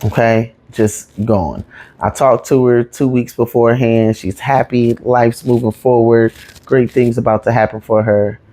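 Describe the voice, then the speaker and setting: A woman's voice: a bass voice, steady tone, unhurried, dark tone. A woman comedian telling a personal story in an emphatic, conversational way, repeating lines for emphasis and checking in with listeners.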